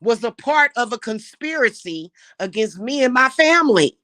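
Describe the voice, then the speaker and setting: A middle-aged woman who does spiritual readings and spellwork vlogs rants angrily to camera, unscripted, in a fairly high, very animated voice at a moderate pace. Her tone is fairly bright, and she's heated and profane, repeating herself and often restarting sentences. The recording is dry, with clean studio sound.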